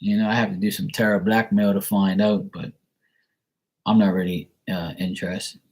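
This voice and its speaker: A Bermudian man talks casually to his viewers in a loose, wandering monologue. His voice sits on the low side and has a husky edge. He drifts from story to story, often slipping into the voices of people he quotes. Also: level tone, normal speed, darkish tone. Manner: chatty, digressive, mimics other people's voices in quotes. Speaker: vlogger answering viewer questions.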